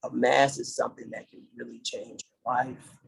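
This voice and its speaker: A middle-aged man from the United States, a podcast guest, telling his story in an earnest, halting way and restarting dates as he goes. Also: medium pitch, little pitch movement, gravelly, breathy edge, poor audio. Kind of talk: casual interview storytelling.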